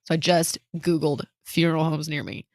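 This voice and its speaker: This podcast co-host has a deep voice and speaks at a moderate pace, recorded dry with studio quality. On a relaxed talk show, she recounts something that happened to her, voicing the other people involved and laughing nervously along the way.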